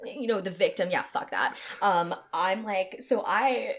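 A woman telling a frank personal story in candid, animated style, acting out the voices of the people in it. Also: mid-range voice, measured pace. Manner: animated, acts out quoted voices.

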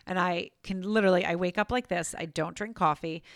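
A woman hosting a podcast interview, telling stories in a chatty, animated way. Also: on the low side, fairly quick, vocal fry, dry recording. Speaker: podcast host. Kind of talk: casual interview chat.

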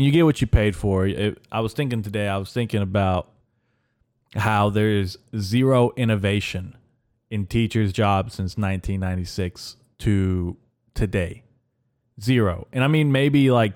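Low-voiced rambling deadpan podcaster. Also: male voice. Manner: rambling deadpan, halting with fillers. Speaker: podcast host. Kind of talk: comedic monologue.

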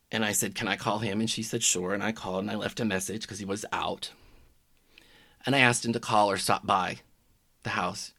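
A middle-aged man telling a personal story in a halting, reflective way that often trails off quietly. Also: fairly low pitch, creaky, no room sound, clean studio sound. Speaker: podcaster telling his own story.

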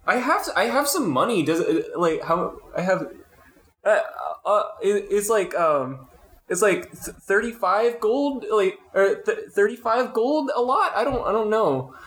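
Nervous naive youth, voiced by a player; squeaky high, halting, roomy echo. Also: male voice, big pitch swings, a bit bright, exaggerated voice. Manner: nervous, stammering.

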